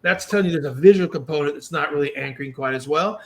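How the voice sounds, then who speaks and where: A man hosting a podcast, explaining reading steps in a quick, encouraging, coaching way. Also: fairly high pitch, vocal fry. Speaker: podcast host and reading instructor. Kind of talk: conversational coaching.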